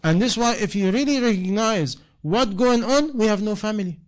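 Man, preacher, slightly high voice, repeating phrases with rising emphasis. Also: fairly quick. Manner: non-native English, impassioned repetition, rising emphasis. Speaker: imam. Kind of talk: sermon answering a question.

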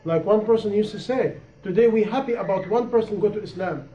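High-voiced man preaching in an echoey room. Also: fairly quick. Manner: impassioned, repetitive, rising and falling emphasis. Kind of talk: sermon. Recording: echoey room, dull lo-fi sound.

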